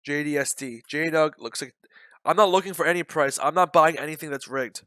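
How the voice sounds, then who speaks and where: A man's voice: fairly high pitch, fairly quick, sharp tone, dry recording. A man giving live commentary on a day-trading stream, blunt and repetitive, openly frustrated.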